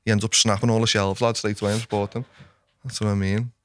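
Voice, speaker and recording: A man's voice: lowish voice, little pitch movement, fast. A young man with a Liverpool accent, a podcast guest in casual chat, swearing and saying "lad" a lot.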